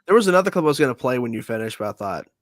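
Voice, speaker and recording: A man's voice: mid-range voice, big pitch swings, very fast, no echo, clean studio sound. A man hosting a casual livestream chat, hesitant and unsure, often trailing off with "I don't know.". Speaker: host.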